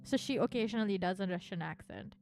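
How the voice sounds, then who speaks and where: A young adult woman, a virtual streamer, chats casually and rambles with her viewers, sprinkling in lots of "like." Her mid-range voice is animated, quick, and darkish in tone, with music in the background.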